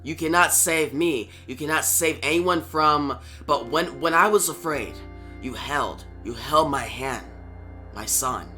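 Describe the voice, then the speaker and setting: A man reading out the soft lines of a gentle old priest near death. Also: measured pace, faint music behind. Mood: gentle, fading. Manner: soft, low, quiet reading. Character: dying old male priest, gentle and calm.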